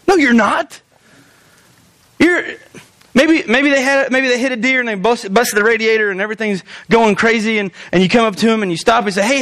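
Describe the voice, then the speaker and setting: A male pastor preaching a sermon in a church, animated and often acting out quoted voices. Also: high-pitched, no echo.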